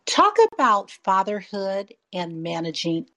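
A woman's voice: medium pitch, lively intonation, measured pace, sharp tone. A woman hosting a podcast interview, asking questions and thanking listeners in a friendly way. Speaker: podcast host.

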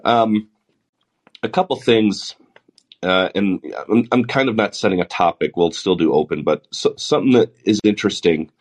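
A man with a baritone voice hosting a live podcast, talking through the week's news with sarcastic asides. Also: moderate pace. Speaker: podcast host. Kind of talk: solo podcast monologue.

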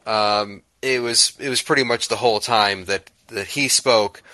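A man with a bright, forceful voice leads an interview, winding through a long anecdote with plenty of ums and self-corrections. The sound is dry and close. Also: on the low side, steady tone, a little slow, no echo. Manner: rambling, hesitant, full of fillers. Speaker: podcast host. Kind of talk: conversational interview question.

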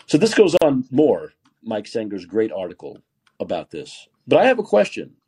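Husky-voiced man ranting angrily. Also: lowish voice, wildly swooping pitch, normal speed, dark tone. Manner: angry, profane ranting. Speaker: podcast host. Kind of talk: opinionated political commentary.

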